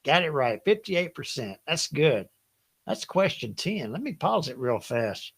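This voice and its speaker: Older Southern US man, high bright voice, unhurried, folksy trivia host who laughs often. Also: big pitch swings, husky. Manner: chatty, folksy, laughs often, reads each question twice. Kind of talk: hosting a live Bible trivia game.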